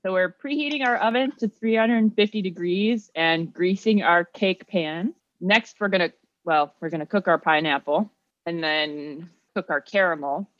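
A woman's voice: on the low side, moderate pace, fairly bright tone, no room sound. Woman podcast co-host, casual cooking chat, plain step-by-step explainer, dry lo-fi sound.

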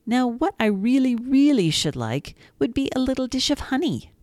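A woman's voice: high-pitched, sing-song, moderate pace, a little mellow, no echo, studio quality, voice pushed up. A woman voicing a sloppy, cheerful male toad in a children's storybook reading, in a sing-song manner. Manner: sing-song, with a repeated jolly refrain.

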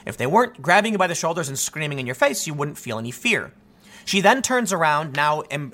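A man giving an animated, argumentative political commentary monologue, often restarting his sentences. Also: a little high.

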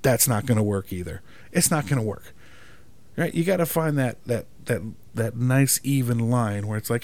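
A man's voice: mid-range voice, moderate pace, darkish tone. A man ranting in a profane monologue, exasperated and emphatic, swearing constantly and often asking "right?" for agreement.

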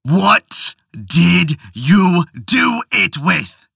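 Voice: medium pitch, very animated, gravelly, slightly rough, no room sound, studio quality, voice pushed up, heavily acted. A narrator doing an angry demanding husband. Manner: slow, forceful, demanding. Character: angry exasperated husband, tailor. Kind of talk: storytelling voice acting.

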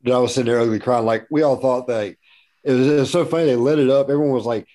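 A man's voice: medium pitch, steady tone, warm tone. A man in a casual podcast chat, telling a story with jokes and swearing. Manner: fast, profane, joking storytelling.

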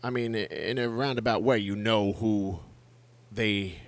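A man's voice: lowish voice, unhurried. A man co-hosting a true-crime podcast in casual chat, swearing freely and stammering when he gets worked up. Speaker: podcast co-host.

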